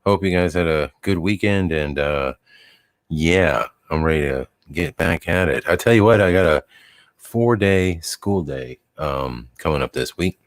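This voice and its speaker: A man's voice: very deep voice, expressive, unhurried, no echo. A man hosting a live stream, chatting casually and rambling with chuckles. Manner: rambling, chuckling, quotes dogs in silly voices. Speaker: livestream host. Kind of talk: casual chat.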